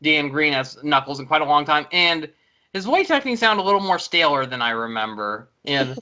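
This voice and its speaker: A man with a vivid, bright and somewhat high voice talks casually about games. He rambles eagerly, filling his sentences with ums and likes. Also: animated, moderate pace, dull audio. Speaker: video reviewer and co-host.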